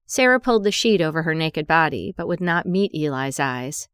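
A woman narrating an audiobook story in an even, measured way. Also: low-pitched, clean tone, no echo, clean studio sound.

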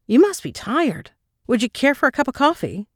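A woman's voice: sits high, very animated, moderate pace, slightly rough, no room sound, studio quality, pitched above the performer's own voice, full character voice. A woman voicing a friendly, welcoming female boat captain in an audiobook. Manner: welcoming, hospitable. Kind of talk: audiobook character reading.

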